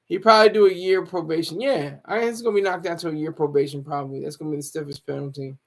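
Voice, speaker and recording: High-voiced man joking on a livestream. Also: fairly even intonation, rapid-fire, gravelly. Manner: joking, laughs often, reads chat aloud. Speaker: livestream host. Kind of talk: casual livestream commentary.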